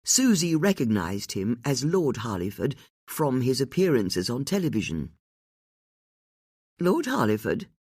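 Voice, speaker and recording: Husky, lively audiobook narrator. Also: medium pitch, normal speed, few pauses, no room sound, clean studio sound. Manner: expressive, varied reading. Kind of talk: scripted narration.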